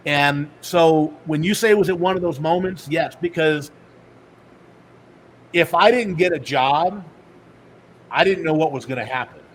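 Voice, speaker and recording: A middle-aged man in a podcast interview spins his story in an animated way and acts out the voices of the people in it. His voice sits a little high for a man, with a faint hiss behind him. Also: a little slow, pauses often, low-quality recording. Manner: animated storyteller acting out dialogue. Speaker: podcast guest, author and speaker.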